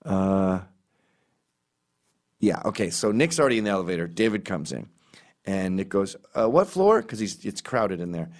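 A man's voice: normal speed, pauses often. Rambling man telling stories. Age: middle-aged. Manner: rambling, self-correcting, acts out voices in high squeaks. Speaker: comedian. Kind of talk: casual storytelling monologue.

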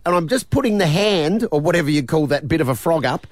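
High-pitched man, weekly comic guest, jokey storytelling, laughs as he goes. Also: animated, quick pace, dry recording, clean studio sound. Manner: jokey, laughs through his stories.

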